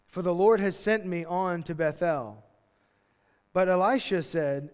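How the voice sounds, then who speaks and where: Pastor guy preaching, high voice, chatty and slangy, acts out the lines, big echoey church hall. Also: clear, resonant tone. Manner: conversational, slangy preaching with acted-out quotes. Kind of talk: sermon. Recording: long hall reverb.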